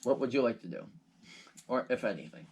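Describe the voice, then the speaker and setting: Rambling male game master, lively voice. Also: mid-range voice, a little fast, a little hiss or hum. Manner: rambling, many restarts and "like"s. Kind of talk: narrating a tabletop game.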